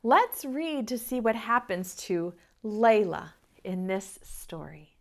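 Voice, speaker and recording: A young adult woman, a preschool teacher, reading a picture book aloud to small children with an animated, expressive manner. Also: medium pitch, slow pace.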